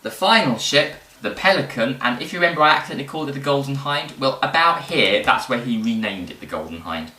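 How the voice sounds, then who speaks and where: A man presenting history in casual educational storytelling, animated and rambling, with fillers and jokes. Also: medium pitch, fast, hardly any pauses. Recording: roomy, distant mic.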